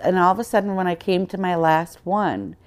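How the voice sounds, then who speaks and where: A woman's voice: lowish voice, animated, a little fast. A woman guest on a podcast, earnestly telling her personal faith story in conversation and acting out the dialogue she quotes.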